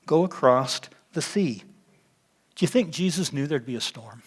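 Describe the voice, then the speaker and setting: A man preaching a sermon as pastor, teaching in an emphatic way, pausing and dropping to a quiet voice for weight. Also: fairly high pitch, lively intonation, husky. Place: church sanctuary.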